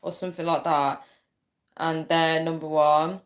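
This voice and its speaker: A woman's voice: deep voice, level tone, a little slow. A woman hosting a casual livestream, reading out viewer comments, tired and often breaking into fits of laughter. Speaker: livestream host.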